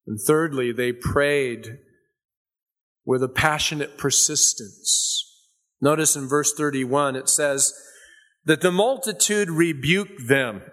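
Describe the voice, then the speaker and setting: Fervent male preacher in mid-pitch. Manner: rises to loud fervent emphasis, drops to soft asides; conversational storytelling asides. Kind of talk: sermon.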